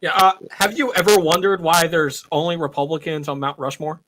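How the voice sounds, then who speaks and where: A man's voice: fairly high pitch, fairly even intonation, brisk, background noise. A man chatting as a guest on a podcast livestream, blunt and joking, stumbling over his starts, speaking into a cheap mic set up in a walk-in closet. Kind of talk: casual chat, livestream. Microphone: cheap USB mic.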